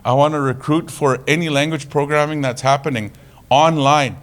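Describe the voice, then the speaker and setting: A man presenting at a conference, talking casually, with jokes and lively storytelling. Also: a little high, normal speed. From Canada. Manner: casual, joking, animated storytelling. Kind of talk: conference talk.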